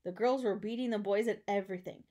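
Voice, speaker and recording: A woman teacher reading a children's storybook aloud, expressive with chatty asides. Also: medium pitch, quick pace.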